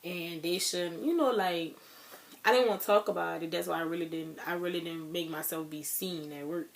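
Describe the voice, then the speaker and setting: A woman's voice: fairly low pitch, steady tone, moderate pace, creaky. A young woman telling her viewers a sad personal story in a casual, chatty way, talking straight to them as y'all. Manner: emotional, grieving retelling. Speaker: vlogger.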